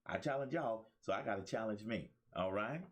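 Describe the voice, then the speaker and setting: A life coach hosts his own motivational talk show, preaching to his listeners and repeating phrases. He speaks at a normal speed in a lowish voice.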